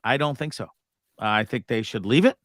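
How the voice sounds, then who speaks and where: A man's voice: medium pitch, animated, moderate pace, a bit bright, dry recording, studio quality. A man hosting a live talk show, ranting casually with lots of profanity. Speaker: host.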